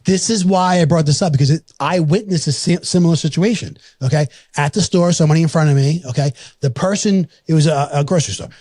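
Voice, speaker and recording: A man's voice: a little high, quick pace, few pauses, a little mellow, no room sound, clean studio sound. A man, co-hosting a podcast, rambling, swearing and laughing easily. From New York. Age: 40s. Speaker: podcast co-host. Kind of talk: casual chat.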